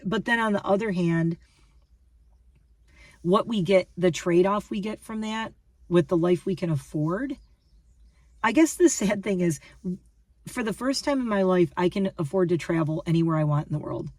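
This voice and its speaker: With a fairly low, darkish voice, lively intonation and a moderate pace broken by frequent pauses, this woman in her fifties talks to her viewers as a lifestyle vlogger. Her casual to-camera ramble is emphatic and repetitive, with many restarted sentences; the audio is echo-free but the mic is distant.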